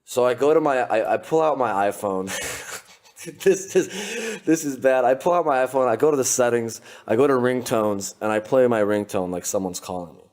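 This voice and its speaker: A young man, a podcast guest, telling a story in a loose, animated way, full of filler words. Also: mid-range voice, normal speed. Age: young adult. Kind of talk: casual storytelling. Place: his apartment.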